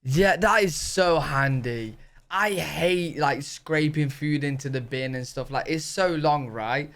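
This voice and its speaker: Guy reacting to a video, chatty and excitable, kinda high-pitched. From Britain. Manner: chatty, excitable, asks quick questions. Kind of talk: casual reaction commentary.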